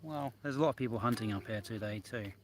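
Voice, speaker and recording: A man's voice: on the low side, fast, background noise. A man hosting a casual live stream outdoors by a lake, chatting and reading out viewer comments, filmed on a handheld phone. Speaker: vlog host.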